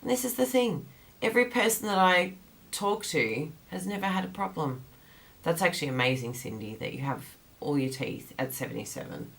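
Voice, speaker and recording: A woman with a low voice chats casually to her livestream audience as host of a craft class. She rambles and laughs often, and her voice sounds groggy from the morning. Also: lively intonation, moderate pace, gravelly.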